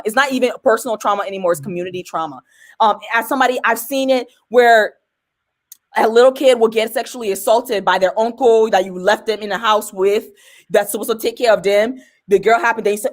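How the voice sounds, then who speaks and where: Emphatic woman advocate, slightly high voice. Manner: earnest, emphatic, quotes others mockingly. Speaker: advocate and podcast co-host. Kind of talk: passionate conversational commentary.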